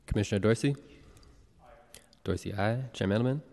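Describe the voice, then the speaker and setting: A male clerk calling the roll and reading procedural announcements in a city hall chamber, even and formal. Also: fairly low pitch, normal speed, vocal fry. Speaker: board clerk. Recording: long reverb of a large chamber.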